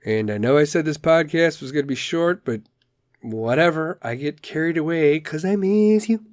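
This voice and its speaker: A man's voice: a little high, moderate pace, a little mellow, no echo. A man hosting a casual solo podcast, ranting in a rambling, profane way and telling dad jokes. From Chicago area. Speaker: podcast host.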